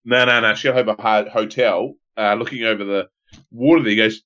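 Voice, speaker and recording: A man's voice: lowish voice, steady tone, normal speed, pushed and bright, muffled recording. An Australian man telling a rambling story on a casual sports podcast, laughing now and then. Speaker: podcast co-host.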